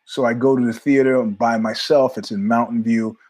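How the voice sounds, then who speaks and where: A middle-aged man from New York hosting his own show, telling stories in a rambling, animated monologue full of asides. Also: mid-range voice, normal speed. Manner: rambling, animated, jumps between tangents with asides. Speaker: podcast host. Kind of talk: casual monologue storytelling.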